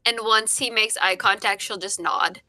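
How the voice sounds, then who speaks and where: A woman's voice: mid-range voice, fairly even intonation, moderate pace, pushed and bright, no room sound, soft background music. A woman playing a tabletop game, talking casually with some hesitation. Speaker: player.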